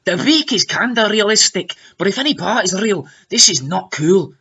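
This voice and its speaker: A man's voice: sits high, animated, normal speed, sharp tone, slightly rough, dull audio, voice pushed up, exaggerated voice. A man voicing an indignant woman commenter in a put-on Scottish accent. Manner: indignant, reading aloud in put-on voice.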